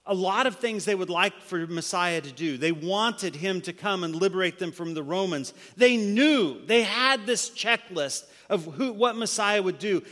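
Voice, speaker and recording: A man's voice: high voice, expressive, measured pace, few pauses. Man preaching in an echoing hall. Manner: swings between loud emphatic preaching and hushed near-whisper. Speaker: pastor. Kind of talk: sermon.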